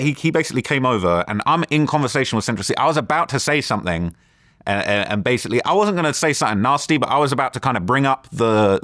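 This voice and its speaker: A man with a London accent, an interview guest, retelling a tense encounter in a rambling, animated way. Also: medium pitch, dry recording, clean studio sound. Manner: rambling, animated retelling with quoted back-and-forth. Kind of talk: casual storytelling interview.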